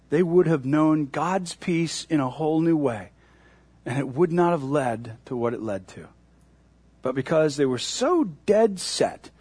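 Animated husky-voiced male pastor preaching. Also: no echo. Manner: animated, acts out crowd voices with big pitch jumps. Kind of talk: sermon.

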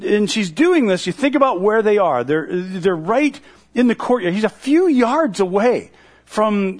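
A middle-aged male pastor preaching a sermon in a conversational, storytelling manner. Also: high-pitched. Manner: conversational storytelling with acted-out quotes.

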